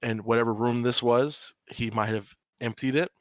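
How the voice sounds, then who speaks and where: A man narrating as game master of a tabletop horror game, talking in halting stretches with many fillers. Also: mid-range voice, fairly even intonation, no room sound. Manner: halting, full of fillers and restarts.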